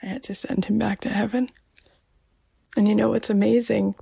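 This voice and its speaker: Brief: middle-aged woman podcast host, tender half-whispered delivery, very husky tone. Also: mid-range voice, little pitch movement, no room sound. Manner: slow, soft, half-whispered and tearful. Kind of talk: personal story to listeners.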